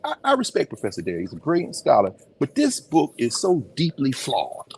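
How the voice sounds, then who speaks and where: Husky-voiced guy lecturing, voice swoops up and down a lot, chatty and emphatic. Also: on the high side, fairly quick. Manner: animated, conversational, emphatic asides. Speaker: professor giving a lecture. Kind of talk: informal on-location lecture. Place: museum, indoors.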